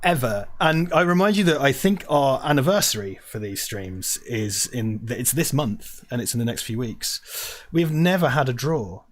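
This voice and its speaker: A man's voice: mid-range voice, lively intonation, moderate pace, few pauses. A man co-hosting a casual live stream, joking and rambling, often stumbling over restarts, on a lavalier mic. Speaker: co-host of a movie watch-party stream. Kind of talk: casual live-stream chat with mock announcements.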